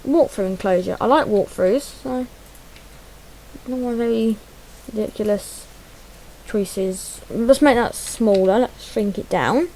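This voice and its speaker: A woman's voice: mid-range voice, unhurried, mellow, slight background noise, poor audio. A woman giving chatty, self-deprecating gameplay commentary, muttering to herself as she fumbles through menus. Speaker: gaming channel host.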